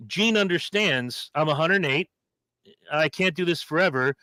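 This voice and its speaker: A man's voice: fairly high pitch, normal speed, no echo. A man in his fifties, a podcast co-host, telling a backstage story in casual chat and acting out the quotes. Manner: animated storyteller, acts out quotes.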